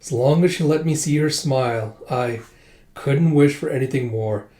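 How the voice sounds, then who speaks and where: Man playing a soft-spoken teasing young man. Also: medium pitch, moderate pace, lightly acted. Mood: tender. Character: gentle lanky young man, teasing and tender. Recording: roomy echo.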